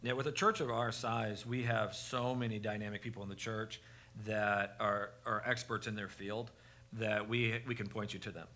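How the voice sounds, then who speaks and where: A man on a church parenting panel, telling a story with a self-deprecating, halting delivery full of restarts. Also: fairly low pitch, fairly even intonation, pushed and bright.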